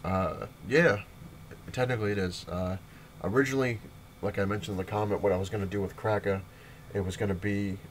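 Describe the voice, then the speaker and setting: A man's voice: fairly low pitch, fairly even intonation, a little fast, a little hiss or hum. A young adult man hosting a casual comic review vlog, retelling plots in a rambling way full of fillers and short laughs. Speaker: comic book vlogger.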